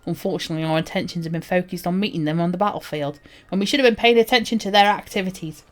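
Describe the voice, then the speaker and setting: A woman voicing a gruff older fantasy quest-giver, in a put-on folksy accent and drawn-out delivery. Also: on the low side, lightly acted. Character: gruff older quest-giver who complains about youth.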